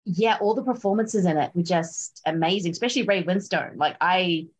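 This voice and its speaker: A woman's voice: on the low side, normal speed, slight background noise. A woman hosting a film podcast in a chatty, upbeat way with fillers and little laughs. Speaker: podcast host. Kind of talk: casual film chat.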